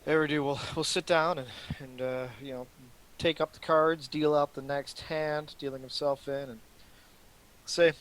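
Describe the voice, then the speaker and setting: A man narrating as game master of a tabletop role-playing game, in a relaxed, rambling way. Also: on the high side, moderate pace, poor audio. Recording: faint hiss.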